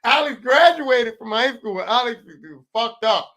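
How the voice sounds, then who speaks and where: A man's voice: extremely high pitch, moderate pace, sharp tone. A man, hosting a podcast with a profane, comedic rant that repeats lines for emphasis. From West Philadelphia. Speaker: podcast host.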